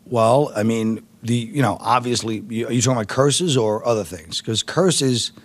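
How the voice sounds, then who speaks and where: A man's voice: mid-range voice, moderate pace. Rambling comedian man from Brooklyn. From Brooklyn, New York. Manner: animated, rambling, laughs often. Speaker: comedian guest. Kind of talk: casual interview storytelling.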